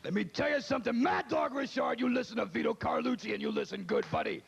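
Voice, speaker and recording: A man voicing a brash male wrestling manager who shouts boastful taunts at a rival. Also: very high voice, fast, vocal fry, dull audio, slight background noise, pitched above the performer's own voice, exaggerated voice. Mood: taunting.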